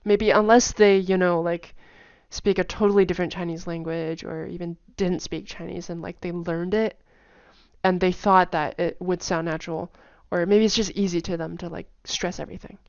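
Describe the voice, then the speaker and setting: Woman teacher, lowish gravelly voice, chatty and filler-heavy, dry dull recording. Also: fairly even intonation, moderate pace, a little mellow, no room sound. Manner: chatty, many fillers, repeats example phrases. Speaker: language teacher. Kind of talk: casual explanatory lesson.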